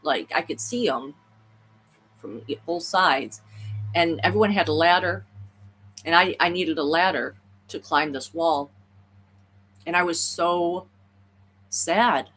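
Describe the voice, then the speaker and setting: Deep-voiced, fairly bright in tone and slightly rough, this tarot reader speaks at a measured pace with long pauses. Her reflective vlog rambles earnestly and emotionally through a personal story, thick with "like" and "you know."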